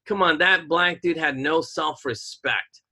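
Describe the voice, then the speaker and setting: A man with a bright, forceful voice pitched a little high, chatting on a casual podcast. He talks emphatically and rambles, stopping now and then to search for the right word. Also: measured pace. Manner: rambling and emphatic, stalls to hunt for words. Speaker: podcast co-host.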